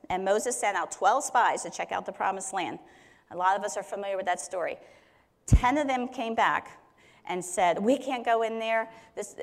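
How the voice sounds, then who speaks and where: A woman teaching on Scripture in a conversational way, explaining verses with everyday examples. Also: mid-range voice. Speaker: Bible teacher. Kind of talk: Bible teaching talk.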